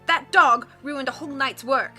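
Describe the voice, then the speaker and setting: Irate British woman neighbor, read by a woman, clipped, indignant, high. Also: animated, slow pace, sharp tone, faint music behind, full character voice. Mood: fuming. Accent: British, put on.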